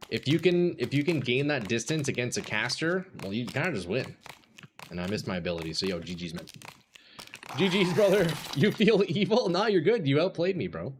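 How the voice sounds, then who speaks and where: A man's voice: mid-range voice, a little fast. A young man streaming a video game, talking chattily to other players and calling them bro. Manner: chatty, calls people bro and brother. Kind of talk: live gameplay commentary. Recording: steady noise behind the voice.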